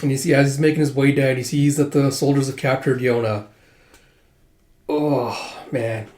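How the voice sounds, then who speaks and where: A man reading through a manga volume in a casual way, acting out the characters' lines in quick bursts with plenty of fillers. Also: medium pitch. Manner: animated, voices characters in bursts, many fillers. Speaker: manga reader. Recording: roomy echo.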